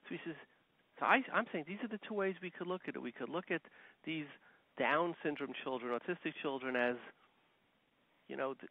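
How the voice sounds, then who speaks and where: Male rabbi lecturer, lively storyteller with a higher voice, dry tinny phone-line sound. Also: no echo. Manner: animated storyteller mixing Hebrew and Yiddish terms. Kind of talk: Torah lecture.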